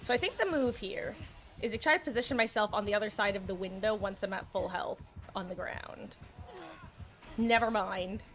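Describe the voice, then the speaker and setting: A woman's voice: medium pitch, normal speed, a bit bright, soft background music. A woman streaming herself playing a game, with playful, goofy commentary and frequent laughter. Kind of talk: livestream gameplay commentary.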